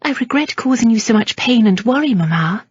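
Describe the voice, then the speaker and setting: Remorseful young gentlewoman, soft and humble, slightly raised, husky tone, read by a woman narrator. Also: on the high side, animated, fairly quick, no echo, highs cut off, voice pushed up. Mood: contrite.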